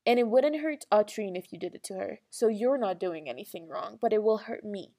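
A woman's voice: mid-range voice, lively intonation, fairly quick, mellow. A young woman talking casually and earnestly to her audience, rambling with restarts and small laughs. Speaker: vlogger. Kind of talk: casual personal monologue.

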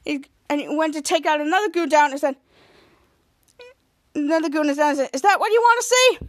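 A woman's voice: sits high, fairly even intonation, fairly quick, no echo, studio quality, close to an everyday voice. A woman voicing a smug adult male superhero who fires off showy retorts. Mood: taunting.

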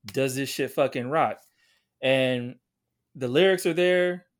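Rambling profane man telling stories. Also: mid-range voice. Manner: rambling, profane, with halting fillers. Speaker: podcast co-host. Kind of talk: casual storytelling chat.

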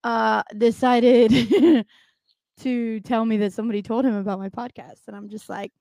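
A woman's voice: a little high, steady tone, measured pace, gravelly, dark tone, dry recording, studio quality. Blunt, profane young woman podcaster. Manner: blunt, profane, laughing often. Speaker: podcast co-host. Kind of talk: casual podcast chat.

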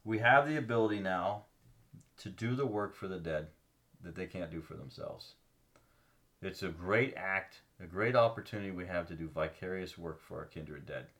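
Man, podcast co-host, low voice, reads scripture, earnest explaining, hesitant ums. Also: a bit bright. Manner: explains earnestly, pauses with ums to find passages. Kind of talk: casual religious discussion, reading scripture aloud.

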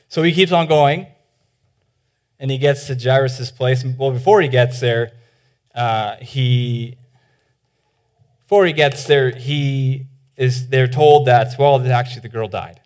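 A man preaching a sermon at a middle pitch, in a loose and conversational way. He restarts his sentences and fills them with "like". He tells the stories with energy and acts out the voices of the people in them. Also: measured pace. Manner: animated retelling, acting out the voices in the stories; informal, with many "like"s and restarts. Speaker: pastor.

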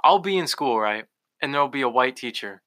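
A teenage guy on a casual podcast with friends, with a bright, clear voice. He tells a school story and acts out the voices of the people in it, cracking jokes as he goes. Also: mid-range voice, animated, a little fast. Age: teens. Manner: storytelling with put-on quotes, joking. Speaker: podcast co-host. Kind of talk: casual chat.

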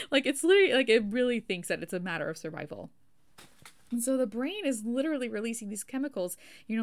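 Chatty woman teaching with easy laughs. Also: mid-range voice. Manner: chatty, self-deprecating, laughs often, many fillers. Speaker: podcast host. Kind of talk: casual religious teaching podcast.

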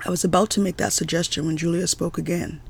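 In an amateur audiobook, a man reads a novel aloud at a quick pace and a steady tone, now and then stumbling and restarting. His gravelly, husky voice sits somewhat high for a man.

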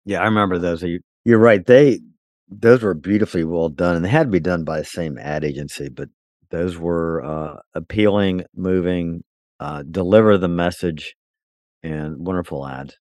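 A low-pitched man talks casually and bluntly. His voice sits deep, and the sound is dry with no room behind it. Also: normal speed, a little mellow, no echo. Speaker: trauma surgeon guest. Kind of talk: casual chat.

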